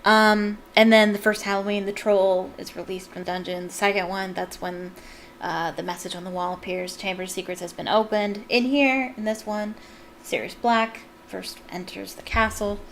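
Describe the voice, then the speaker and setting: A young woman reads a novel aloud at home and breaks off for chatty, joking asides. Her voice sits at a middling pitch, and a faint hiss sits under it. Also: fairly even intonation, moderate pace. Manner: chatty, jokey, laughs at the text. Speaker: fan reading a book aloud. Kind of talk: casual read-aloud with commentary.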